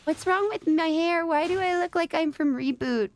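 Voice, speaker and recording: A woman's voice: very high voice, moderate pace, slight background noise, voice pushed up. A woman voicing a plucky, self-assured young game heroine in a playful, self-admiring manner while streaming.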